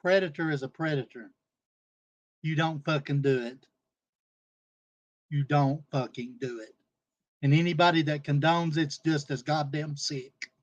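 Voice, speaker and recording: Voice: medium pitch, measured pace, pauses often, no room sound, muffled recording. A livestream panel host, ranting angrily and scolding with heavy profanity and repetition. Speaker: live stream panel host. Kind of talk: angry livestream rant.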